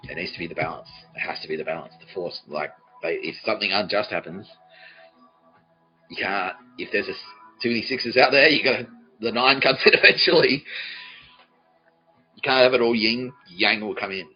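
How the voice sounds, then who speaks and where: A man's voice: lowish voice, brisk, pauses often. A man, hosting a podcast in a rambling comedic monologue, swearing often and laughing mid-sentence. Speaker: podcast host. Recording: dull lo-fi recording with faint music.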